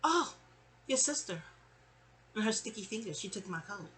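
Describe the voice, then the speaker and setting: An indignant aunt who scolds and accuses, pressing each point , voiced by a woman retelling the story. The tone is bright and forceful. It sounds close to the storyteller's own voice. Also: mid-range voice, expressive, moderate pace, a little hiss or hum, pitched above the performer's own voice, lightly acted.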